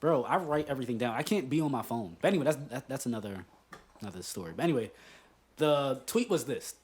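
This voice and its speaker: A man co-hosting a podcast in casual chat, telling a story in an animated, profane, emphatic way. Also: mid-range voice, fast. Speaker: podcast co-host.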